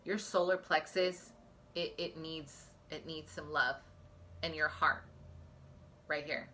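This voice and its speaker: Intense low-voiced woman psychic reader. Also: fairly even intonation, takes it slowly, sharp tone, slight background noise. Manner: earnest, emotional, speaks straight to viewers. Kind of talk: pick-a-card psychic reading to viewers.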